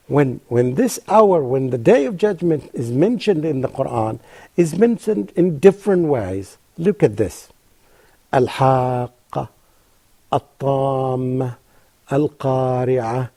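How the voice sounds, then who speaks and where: A man's voice: on the high side, vocal fry, warm tone, husky. Emphatic man giving a religious lesson. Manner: emphatic, repeats phrases for stress; slow careful recitation of Arabic terms. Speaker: TV presenter teaching Quran reflections. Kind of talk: religious lecture.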